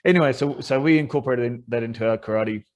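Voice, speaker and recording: A man's voice: mid-range voice, quick pace, darkish tone. A man hosting a podcast, telling stories in a casual, rambling way and laughing often. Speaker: podcast host. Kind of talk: casual chat.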